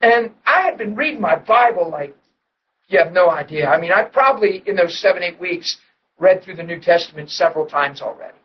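High-voiced preacher telling his testimony. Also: animated, brisk, recorded from a distance, dull audio, slight background noise. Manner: emotional storytelling, swings from hushed to loud. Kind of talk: testimony sermon.

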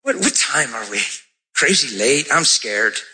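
Husky, bright-voiced male preacher. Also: a little slow. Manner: animated storytelling, acting out voices in a high pitch. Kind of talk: sermon with testimony.

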